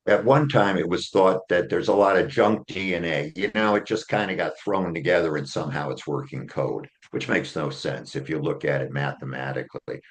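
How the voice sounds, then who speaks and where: A man's voice: deep voice, moderate pace, few pauses. A man, an author and attorney, being interviewed, explaining his argument step by step and checking in with "okay?". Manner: earnest, builds a case step by step with "okay?" check-ins.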